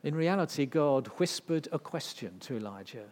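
A man preaching a sermon, swinging from loud, intense passages to hushed ones. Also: a little high, expressive, normal speed. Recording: long reverb of a hall.

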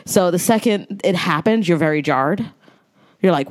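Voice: mid-range voice, lively intonation, normal speed, no room sound, studio quality. A podcast co-host, telling stories in casual, slangy chat and laughing often. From New York. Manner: laid-back storytelling, slangy, laughs often.

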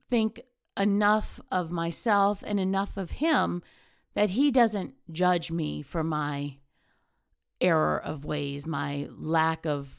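A woman's voice: low voice, vocal fry, clear, resonant tone, dry recording, studio quality. A middle-aged woman, hosting a casual motivational monologue as a chatty, candid, self-mocking storyteller. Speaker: podcast host.

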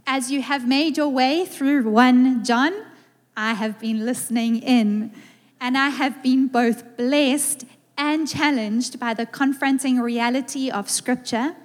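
A woman with a South African accent, a guest preacher giving a conversational, playful sermon to a congregation in a church. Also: fairly high pitch. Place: church sanctuary. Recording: reverberant church hall.

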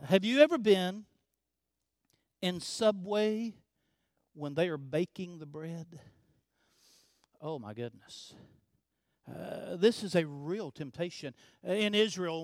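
A male pastor with a high voice delivers a sermon at an unhurried pace. He repeats key phrases and poses rhetorical questions, often letting his voice sink to a near whisper. The sound is close and dry, with no room echo. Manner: drops to a hush at the end of phrases.

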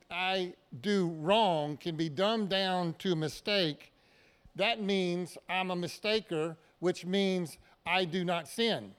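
Male pastor, sermon in a church, conversational, ringing clear voice. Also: high-pitched, a bit bright. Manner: conversational, plain everyday examples.

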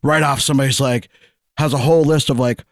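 A man's voice: mid-range voice, creaky, no room sound, clean studio sound. A man telling a story in casual chat, acting out what people said. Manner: fast, animated storyteller acting out quotes.

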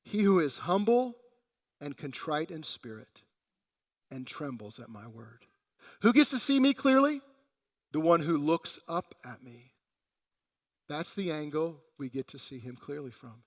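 Man, pastor, conversational sermon, acts out quotes, high voice, reverberant hall. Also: very animated, unhurried, pauses often.

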